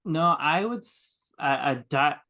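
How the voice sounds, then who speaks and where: A man's voice: a little high, lively intonation, slow pace, bright, forceful tone, no echo. Dry-humored man on a podcast. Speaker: podcast co-host. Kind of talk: casual podcast chat.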